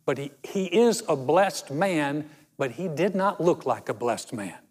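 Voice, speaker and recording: Storytelling pastor in a reverberant hall. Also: male voice, fairly high pitch, expressive, breathy edge. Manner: storytelling, conversational with dramatic slow emphasis. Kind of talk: sermon.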